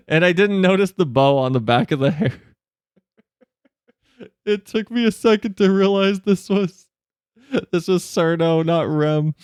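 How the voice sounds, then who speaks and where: A man streaming live, chatting casually and answering questions from his chat, with quick asides that climb higher when he gets flustered. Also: a little mellow, smooth, dry recording, clean studio sound.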